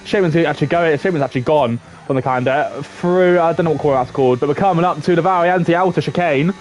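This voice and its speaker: A man's voice: on the high side, quick pace, dull audio. Laid-back man co-commentating. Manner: jokey, laid-back, greets chat. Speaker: sim racing co-commentator. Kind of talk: casual livestream commentary.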